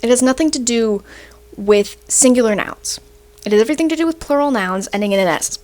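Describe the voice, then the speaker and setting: A woman's voice: on the high side, expressive, fairly quick, darkish tone. A young adult woman, a university student, explaining grammar and statistics in a chatty way, often ending sentences with "right?" while she has the hiccups. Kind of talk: casual explainer rant.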